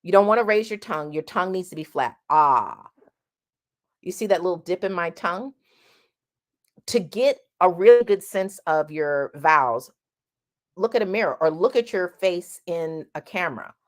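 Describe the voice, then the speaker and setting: A woman teaching a singing lesson, speaking directly and bluntly, and breaking off to sing drawn-out vowel sounds as demonstrations. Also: on the low side, lively intonation. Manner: sings vowel demonstrations between explanations.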